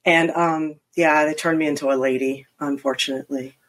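A middle-aged woman from Philadelphia, chatting as an interview guest with quick, self-mocking asides. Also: sits low, steady tone. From Philadelphia area, US. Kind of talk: casual interview chat.

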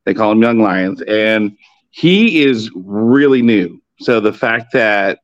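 A man talking in a relaxed, loose way, swearing freely as he explains, with a fairly low voice. The sound is dry and a little dull, like a modest home mic. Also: slow, no echo. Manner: laid-back, profane, explanatory. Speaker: podcast guest on wrestling. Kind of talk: casual chat.

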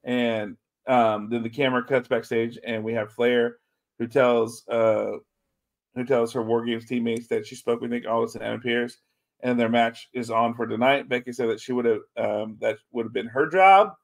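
A man's voice: mid-range voice, fairly even intonation, moderate pace, vocal fry. A man hosting a podcast, casually recapping a show in a rambling, laid-back way with lots of fillers and swearing. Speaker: podcast host reviewing a wrestling show.

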